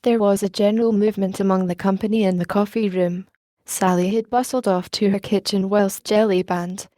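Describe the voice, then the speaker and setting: Lady reading an audiobook, mellow dark voice, dry close sound. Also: medium pitch, no room sound. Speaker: audiobook narrator. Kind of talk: audiobook narration.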